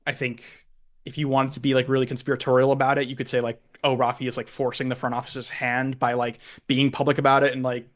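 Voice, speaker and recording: A man's voice: medium pitch, level tone, quick pace. A man co-hosting a podcast, chatting casually about sports, talking hesitantly with many restarts and fillers while he thinks aloud. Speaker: podcast co-host.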